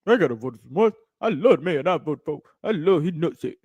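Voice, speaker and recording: A woman's voice: sits low, expressive, fast, a little mellow, husky, no room sound, muffled recording, pitched below the performer's own voice. Woman putting on a crude defiant voter guy. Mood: mocking defiance. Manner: crude, taunting parody. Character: defiant male Trump voter, crude and mocking.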